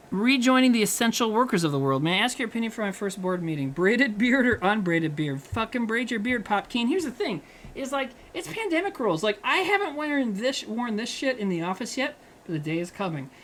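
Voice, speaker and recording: A man's voice: extremely high pitch, sing-song, normal speed, a bit bright, a little hiss or hum. A man, a comedian, chatting casually and swearing freely while he cooks on a livestream. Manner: rambling, profane and joking. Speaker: comedian streamer.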